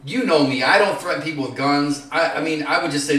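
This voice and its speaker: A man telling rambling, profane stories in casual chat, growing loud and heated. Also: fairly high pitch, fast, recorded from a distance, a little hiss or hum. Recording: echoey room, voice off-mic.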